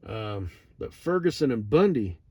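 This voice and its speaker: Middle-aged guy rambling slow and deadpan, cussing, dry close sound. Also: mid-range voice, slightly rough, no echo. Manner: digressive, profane, deadpan. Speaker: vlogger. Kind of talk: rambling monologue.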